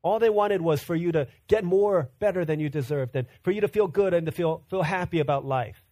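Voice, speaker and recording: A man's voice: on the high side, fairly quick, warm tone. A man preaching a sermon as pastor, earnest, often repeating words as he builds a point.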